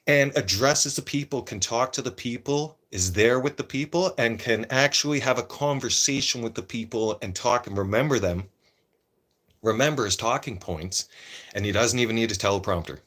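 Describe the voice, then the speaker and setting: A man's voice: medium pitch, fairly bright tone. A man ranting casually and opinionatedly to camera, rambling and repeating himself and tagging lines with "right?". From Canada. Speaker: vlogger. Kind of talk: casual political rant.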